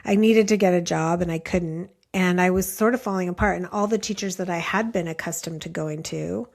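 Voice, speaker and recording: A woman's voice: lowish voice, fairly quick, gravelly, darkish tone. A woman in her late fifties, a meditation teacher, telling personal stories as a podcast guest in an earnest, thoughtful way with many "like" fillers. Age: late 50s. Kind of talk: reflective storytelling in conversation.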